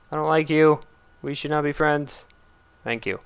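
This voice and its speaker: A man giving casual gameplay commentary, blurting out excited exclamations and complaints at the game as he plays. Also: a little high, takes it slowly, smooth. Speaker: let's play gamer.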